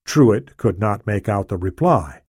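A man narrating a thriller audiobook in a steady, matter-of-fact way. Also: fairly low pitch, unhurried, slightly rough, dry recording, studio quality.

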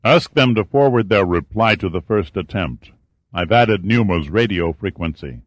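A dry-witted adventurer who keeps his answers short and understated, read by a man in his own deep, low voice. The sound is close and dry, with no room around it. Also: animated, normal speed, no echo. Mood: laconic.

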